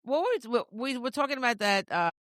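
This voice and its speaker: A woman's voice: on the high side, sing-song, a little fast, fairly bright tone, no echo, clean studio sound. Rambling woman podcast co-host. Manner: rambling, restarts sentences. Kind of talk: casual chat.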